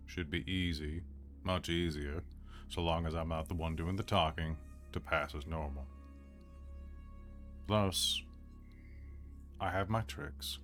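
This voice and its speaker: A man with a very low voice sits at a tabletop game, speaking in character and thinking his plans through out loud. His delivery is easygoing and musing, and faint music plays underneath. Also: fairly even intonation, slow, long pauses. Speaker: player. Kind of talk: in-character tabletop role-play.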